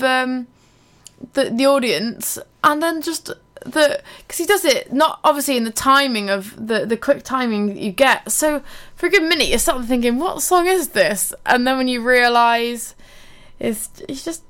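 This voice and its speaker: Woman radio presenter, chatty and giggly, smooth higher voice, studio mic. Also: moderate pace, a bit bright. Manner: giggly, chatty, rambling with fillers. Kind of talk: casual radio chat between songs.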